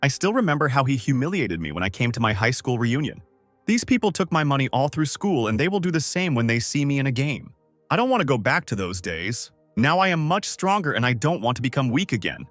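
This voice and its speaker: A man's voice: medium pitch, big pitch swings, a little fast, a bit bright, dry recording, voice pushed up. A spiteful young gamer mocks his old bullies in a raised, gloating voice, voiced by a man narrating a comic recap. The sound is dry and close, with faint music under it. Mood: bitter. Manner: mocking and gloating. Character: scheming young male gamer out for revenge.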